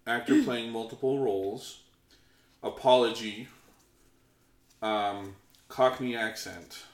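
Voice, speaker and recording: A podcast co-host reading out keyword lists in a casual game, pausing often with ums. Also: mid-range voice, expressive, reverberant.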